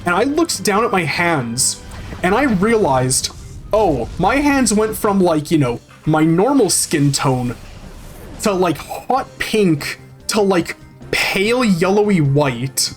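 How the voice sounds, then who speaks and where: A man's voice: sits high, very animated, slow pace, soft background music. A man streaming a video game, telling a long story in a rambling, profane way with many restarts and fillers. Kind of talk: casual storytelling over gameplay.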